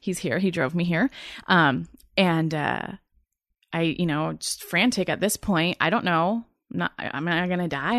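Soft-spoken woman, halting testimony. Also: on the low side, dry recording, studio quality. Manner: halting, earnest retelling with frequent fillers and restarts. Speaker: interview guest. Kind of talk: personal testimony in a sit-down interview.

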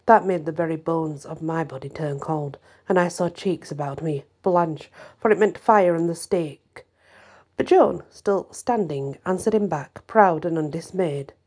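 Low husky woman reading a story aloud. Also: measured pace. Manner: steady storytelling, voices quotes lightly. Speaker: channel host and reader. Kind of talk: reading a historical novel aloud.

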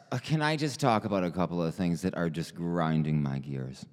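A man's voice: low-pitched, normal speed, few pauses, a little mellow, in a large hall. A man doing a rambling comic stand-up monologue, laughing at his own jokes and slipping into put-on accents. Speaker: stand-up comedian.

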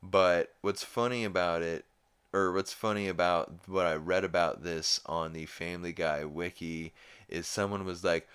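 A man's voice: low voice, steady tone, measured pace, a bit bright, clean tone. A man hosting a podcast, recapping a cartoon episode in a rambling, profane, laid-back way. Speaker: podcast host.

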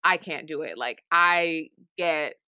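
Young woman co-host, bright, edgy tone, dry close mic, chatty and self-deprecating. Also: low-pitched, takes it slowly, smooth, no room sound. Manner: rambling, self-deprecating, heavy on fillers. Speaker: podcast co-host. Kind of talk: casual chat.

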